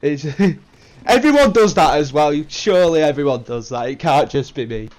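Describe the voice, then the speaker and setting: A man's voice: fairly high pitch, animated, normal speed, a little mellow. A young man with a British accent rambling casually through a vlog, repeating himself and swearing now and then. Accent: British English. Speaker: vlogger.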